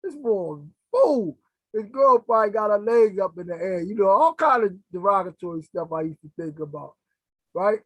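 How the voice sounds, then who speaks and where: A middle-aged man from Philadelphia telling stories in a casual interview, animated and acting out the voices of people he quotes. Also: sits high, fairly quick, no room sound, low-quality recording. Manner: animated, acts out quoted voices, keeps checking in with "right?". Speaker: interview guest. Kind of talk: casual storytelling.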